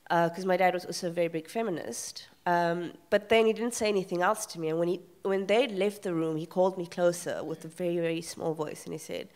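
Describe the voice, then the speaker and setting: A woman panel guest at a live festival talk, telling a painful family story candidly and emotionally, with many pauses and fillers. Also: on the low side, darkish tone. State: emotional, near tears. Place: festival event room.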